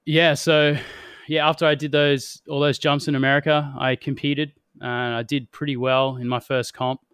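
A young Australian man, a professional wingsuit pilot, telling stories in a relaxed, slangy way and laughing often. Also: mid-range voice, normal speed, clean tone, no room sound, clean studio sound. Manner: laid-back storytelling, slangy, laughs often. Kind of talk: casual chat.

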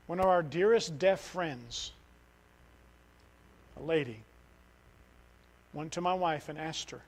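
Middle-aged missionary guy preaching in church, high voice, gets loud then goes real quiet. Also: takes it slowly, long pauses, low-quality recording. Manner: animated, swings from loud outbursts to quiet. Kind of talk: sermon.

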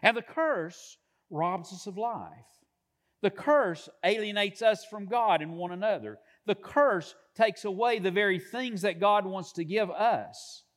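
High-voiced man preaching a sermon. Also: expressive. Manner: measured preaching with drawn-out emphasis. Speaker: pastor.

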